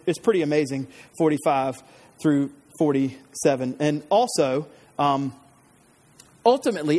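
A male pastor preaching an expository sermon, energetic and casual, retelling scripture dramatically with slang. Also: fairly high pitch, big-room sound.

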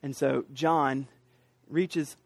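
A man's voice: medium pitch, fairly even intonation, extremely slow, vocal fry, no room sound. A man preaching a sermon, retelling a story and rising into emphatic, repeated cries.

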